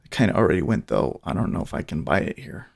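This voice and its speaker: Gravelly low-voiced man streaming trades. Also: expressive, quick pace. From Utah. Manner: chatty, rambling, with restarts and chuckles. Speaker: day trading streamer. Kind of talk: casual live-stream trading commentary.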